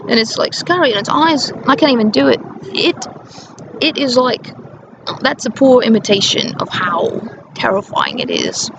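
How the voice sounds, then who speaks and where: A woman vlogger telling a rambling personal story, halting and breaking into nervous laughter. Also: on the high side, very animated. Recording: muffled lo-fi with clear background noise.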